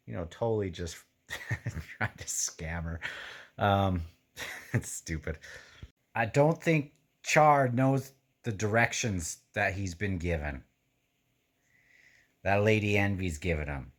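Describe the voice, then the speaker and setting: A man's voice: low-pitched, animated, slow pace. A man casually reacting to a book he is reading, rambling and hesitant with many fillers.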